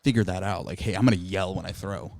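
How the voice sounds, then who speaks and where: A man hosting a casual interview, asking quick, curious questions. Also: deep voice, fairly even intonation, vocal fry, a little mellow, dry recording, studio quality. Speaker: podcast host.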